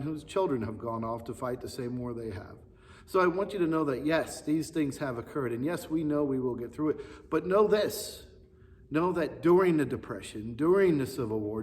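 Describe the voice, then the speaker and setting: A man's voice: medium pitch, a little hiss or hum. A male pastor giving an earnest children's sermon, repeating key phrases for emphasis. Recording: long reverb, echoey hall.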